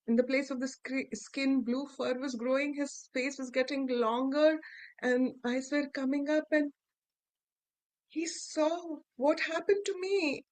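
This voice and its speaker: A woman with an Indian English accent telling a fairy tale aloud to adults, acting out the characters' lines with lively shifts in pitch and loudness. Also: no room sound, low-quality recording. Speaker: storyteller. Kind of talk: oral fairy-tale storytelling.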